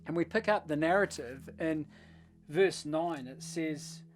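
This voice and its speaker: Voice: medium pitch, a little slow, soft background music. A pastor giving a short devotional message in a conversational, storytelling manner.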